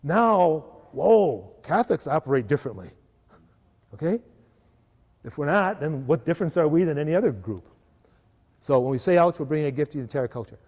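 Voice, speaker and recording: A man giving a lively live workshop talk to a parish group, often asking the audience to agree. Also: fairly high pitch. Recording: live hall recording with long reverb.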